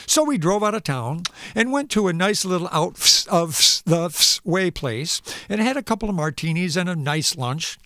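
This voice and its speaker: A man's voice: a little high, sing-song, normal speed, hardly any pauses, sharp tone, dry recording. A man hosting a live stream who gives a playful comedic reading and makes sound effects for punctuation marks.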